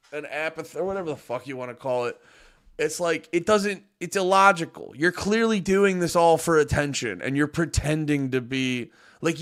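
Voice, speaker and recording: A man's voice: fairly high pitch, fairly bright tone. A man streaming casual reaction commentary, exasperated and profane, rambling with lots of fillers.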